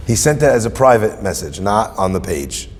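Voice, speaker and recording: A man's voice: on the low side, moderate pace, in a large hall, a little hiss or hum. A man, a rabbi, telling a personal story in sermon style and acting out the dialogue. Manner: animated, acts out dialogue in quotes.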